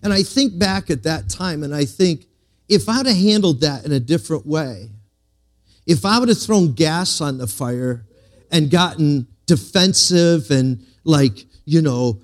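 A male pastor giving a sermon, telling a story and swinging from slow emphatic lines to quiet asides. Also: fairly high pitch, animated.

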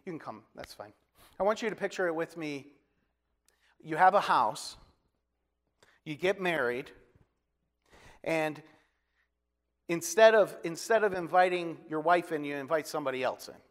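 A man's voice: fairly high pitch, animated, moderate pace, long pauses, big-room sound. A man preaching a sermon as a pastor, in a conversational way with folksy asides and self-deprecating humor.

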